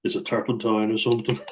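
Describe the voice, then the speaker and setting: A low-pitched man chats bluntly about the game with the ease of someone who has played it. His delivery stays fairly level and even, with little rise and fall. He drops in the odd swear word and a quick laugh, the way he would talking with mates. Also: a little hiss or hum, rough recording. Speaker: host and rugby player. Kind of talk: casual commentary on rugby rules.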